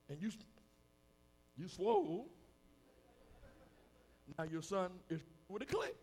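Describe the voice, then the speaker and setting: A man preaching a sermon to a congregation, dropping to a hush and then rising loud again, acting out the voices of the people he quotes in a folksy way. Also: high-pitched, vocal fry. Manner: preaching with sudden swings between hushed and loud. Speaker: pastor. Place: church hall with a congregation.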